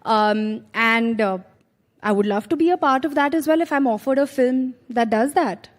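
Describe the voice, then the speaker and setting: A woman's voice: a little high, normal speed. A woman with an Indian accent, a guest actress chatting casually on stage at a live event and slipping Hindi into her English.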